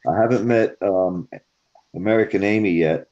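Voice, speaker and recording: A man hosting a live stream, telling stories in a profane, animated way. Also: on the low side, moderate pace. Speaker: stream host. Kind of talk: casual storytelling chat. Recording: dull lo-fi stream audio.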